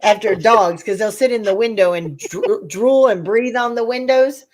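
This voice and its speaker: A woman's voice: a little high, moderate pace. An older woman, hosting a casual chat and telling stories with laughter. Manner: lively storytelling with laughter, acting out voices. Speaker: channel host.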